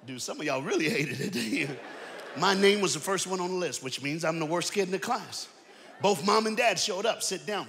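A man preaching an energetic sermon to a church crowd, calling out to them. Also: high-pitched, a little hiss or hum. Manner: animated, shouting preaching with crowd call-outs. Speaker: guest preacher. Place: large church auditorium. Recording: long hall reverb.

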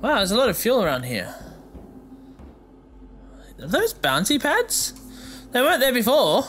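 Doing let's play commentary over game music, a gamer jokes, swears freely and talks back at the enemies and the game itself. The voice is mid-range and a bit bright, with wildly swooping pitch, a slightly slow pace and a little hiss or hum.

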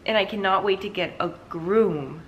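A woman voicing her affectionate female pet dog in a cutesy, higher baby-talk voice. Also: normal speed, slight background noise, natural voice. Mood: sweet.

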